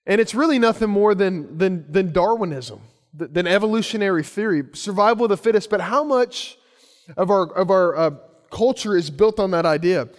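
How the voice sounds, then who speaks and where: A man preaching a sermon with a high, light voice. He speaks earnestly, doubling back on his words as he builds each point. The sound rings with the long reverb of a big hall. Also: animated, moderate pace. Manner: earnest preaching with repeated phrases and restarts. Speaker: pastor.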